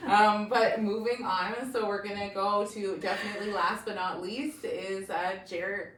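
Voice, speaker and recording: A woman's voice: mid-range voice, steady tone, normal speed, a crowd in the background. A woman moderating a group talk, affirming the others with many small sounds of agreement. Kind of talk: warm group conversation. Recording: roomy sound from a distant mic.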